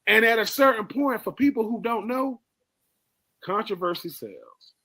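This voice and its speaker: Man, sports radio co-host, emphatic, repeats for stress, high voice, crisp bright tone. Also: unhurried. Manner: talks straight to his co-host.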